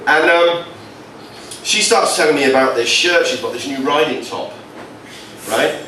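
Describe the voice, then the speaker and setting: A man's voice: a little high, unhurried, pushed and bright, recorded from a distance. A man doing stand-up comedy, rambling into absurd stories. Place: comedy venue. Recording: echoey venue from afar, noisy.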